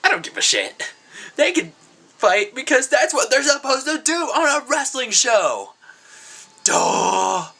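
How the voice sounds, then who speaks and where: A man's voice: extremely high pitch, sing-song, a little slow, creaky, sharp tone, voice pushed up, full character voice. A man doing a mocking impression of a cocky, dismissive male wrestler.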